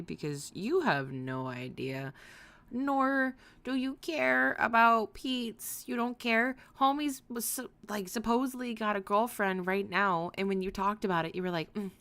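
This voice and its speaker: A woman's voice: lowish voice, a bit bright. A woman hosting a casual livestream, talking in a sarcastic, rambling way and swearing now and then. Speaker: livestream host.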